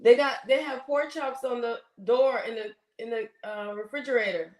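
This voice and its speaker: High-voiced chatty woman with a cough. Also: moderate pace, darkish tone. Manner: chatty, greets viewers by name as they join. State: has a cough. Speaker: nurse hosting a livestream. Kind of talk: casual livestream chat with viewers. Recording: roomy echo.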